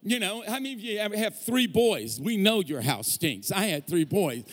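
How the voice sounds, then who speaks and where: Male pastor, fairly high voice, comic storyteller, church stage mic, big reverberant hall. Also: sing-song, normal speed. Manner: humorous, storytelling preacher with call-and-response. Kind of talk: sermon.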